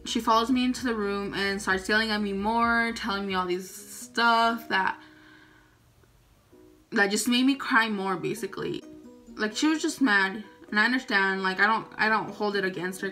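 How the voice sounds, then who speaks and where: Bright-voiced young woman telling a story. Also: medium pitch. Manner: casual, halting, many fillers. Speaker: vlogger. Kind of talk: personal storytime vlog. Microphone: phone.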